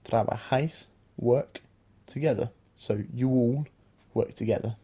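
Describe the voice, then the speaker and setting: Male podcast teacher, patient and explanatory, mellow low-key tone. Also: a little slow, breathy edge. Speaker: language teacher, podcast co-host. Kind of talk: explaining a beginner language lesson.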